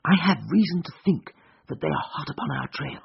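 A man voicing a sharp-witted male detective who speaks in a dry, lightly mocking way, on a dull lo-fi recording. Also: high voice, lively intonation, brisk, creaky, breathy edge, voice pushed up, exaggerated voice. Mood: hushed urgent.

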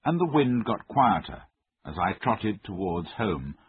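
A man reading a storybook aloud slowly, with a very husky voice, his pitch rising and falling widely. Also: sing-song, no echo. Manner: slow, with wide swings of pitch. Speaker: storybook narrator. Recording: tinny narrow-band recording, dry.

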